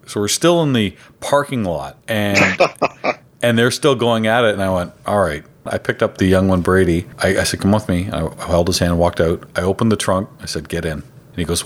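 A man with a somewhat low voice hosts a casual podcast, telling family anecdotes in an animated, chatty way. He jumps into the quoted bits of his stories. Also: normal speed. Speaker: podcast host. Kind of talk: casual conversation.

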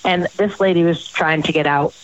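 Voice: medium pitch, steady tone, normal speed, dull audio. A host rambling through profane personal stories in a casual chat.

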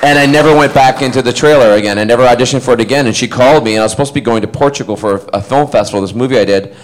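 A man born in Scotland tells a rambling, animated anecdote to fans at a convention panel. He acts out the voices in his story and laughs often. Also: mid-range voice, rapid-fire, a faint crowd, rough recording. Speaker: actor telling a story to fans.

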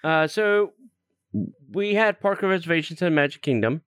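A man's voice: on the high side, normal speed, a bit bright, clear, resonant tone, no room sound, clean studio sound. A man hosting a podcast, telling a story in casual chat with fillers and exasperated asides. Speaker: podcast host.

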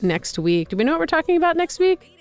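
A woman hosting a podcast, wrapping up the show briskly and upbeat. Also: sits high, big pitch swings. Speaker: podcast host. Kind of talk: show wrap-up.

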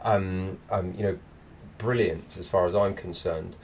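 A man's voice: deep voice, steady tone, unhurried, darkish tone, distant mic, slight background noise. A man hosting a casual interview, speaking hesitantly with many ums. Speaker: podcast host.

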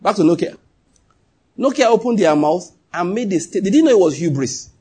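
A man's voice: high-pitched, animated, brisk, darkish tone, slightly rough. A man preaching a sermon as pastor, emphatic, often throwing questions to the congregation.

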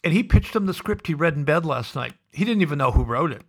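A man's voice: quick pace, slightly rough. A man hosting a podcast, telling an anecdote with energy and putting on the voices of the people in it. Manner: acts out the people he quotes with lively pitch jumps. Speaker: podcast host. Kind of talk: animated anecdote storytelling.

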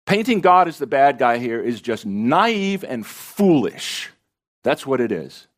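A man's voice: medium pitch, very animated, measured pace. Impassioned preacher, a man mid-sermon. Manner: impassioned, pressing rhetorical questions on listeners. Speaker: pastor.

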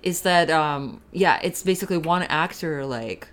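Low-voiced chatty woman co-host. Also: normal speed. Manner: chatty, animated, frequent backchannel agreement. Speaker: podcast co-host. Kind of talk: casual podcast chat.

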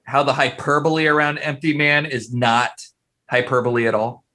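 A man's voice: medium pitch, level tone, moderate pace, sharp tone. Eager, chatty male podcast co-host. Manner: eager, chatty, pleading jokingly. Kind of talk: casual chat.

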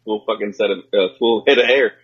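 A man in his forties co-hosting a podcast, joking and swearing casually in relaxed chat. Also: on the low side, brisk, breathy edge, highs cut off. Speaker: podcast co-host.

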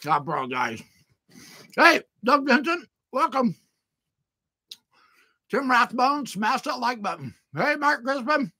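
Lively bright-voiced host, mouth full. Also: mid-range voice, slow, long pauses, husky, no echo, clean studio sound. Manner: playful, greets viewers by name, exclaims loudly. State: talking with mouth full while eating. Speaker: livestream host. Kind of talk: casual live-stream chat.

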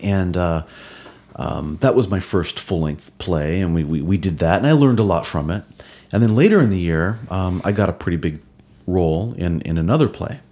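A man hosting a podcast, chatting in a relaxed way and often checking in with "right?". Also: deep voice, normal speed. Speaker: podcast host. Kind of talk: casual interview chat.

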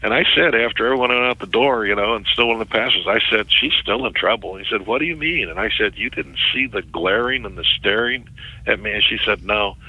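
A middle-aged man, a ministry worker, recounting a story as an interview guest in a halting way, often repeating words. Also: lowish voice, slightly rough, no echo, phone-quality sound.

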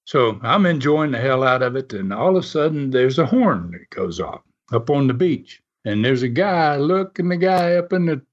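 A man's voice: medium pitch, moderate pace, few pauses. A man telling a casual anecdote in a rambling way, chuckling often and filling gaps with "uh" and "you know.". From United States. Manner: animated, rambling, chuckles often, many fillers. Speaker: storyteller. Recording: muffled lo-fi recording.

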